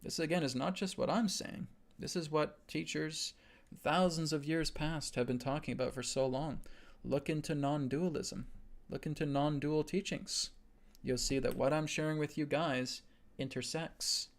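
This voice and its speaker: Gravelly man teaching on a live stream. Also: a little high, fairly even intonation, normal speed. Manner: earnest, repetitive, with emphatic "right?" asides. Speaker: host and spiritual teacher.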